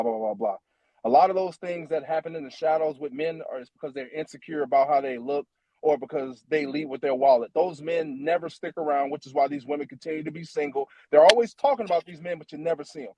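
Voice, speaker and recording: A man's voice: fairly high pitch, warm tone, no echo, highs cut off. A man on a livestream panel speaking bluntly and defensively, with plenty of "you know" fillers.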